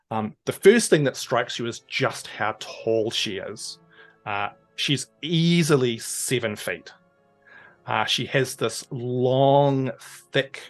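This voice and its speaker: A man running a tabletop game, describing the scene in a loose, rambling way full of ums and uhs. His voice sits at a middle pitch, with faint music under it. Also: fairly bright tone. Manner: loose, descriptive storytelling with many fillers. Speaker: game master.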